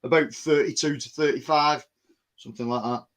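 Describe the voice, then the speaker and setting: Man, podcast co-host, casual chat, rambling, middle pitch. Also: steady tone, fairly quick, a bit bright. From North West England. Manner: chatty, rambling with many ums.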